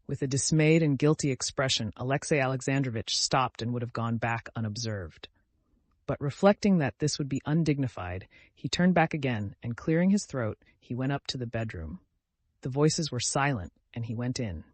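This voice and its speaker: A man reading an audiobook in a steady, even storytelling manner. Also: medium pitch, moderate pace, no echo. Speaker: audiobook narrator. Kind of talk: scripted narration.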